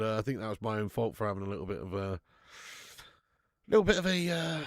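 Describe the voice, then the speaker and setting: A man's voice: medium pitch, vocal fry, no echo, clean studio sound. Slangy man hosting a live stream. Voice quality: slangy, jokey banter with frequent laughs. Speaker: football watch-along host. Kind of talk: live stream commentary and chat.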